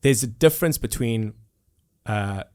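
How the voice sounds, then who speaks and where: The guest, a twentysomething musician with a South African accent, speaks unhurriedly in a mid-range, smooth, darkish voice. In this casual interview he's sincere and thoughtful, though his speech is full of fillers and restarts.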